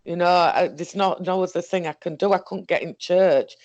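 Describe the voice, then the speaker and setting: A woman's voice: on the low side, darkish tone, lo-fi sound. Rambling Northern English woman. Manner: halting, self-correcting, full of fillers and restarts. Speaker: guest recounting a paranormal experience. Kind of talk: rambling personal storytelling.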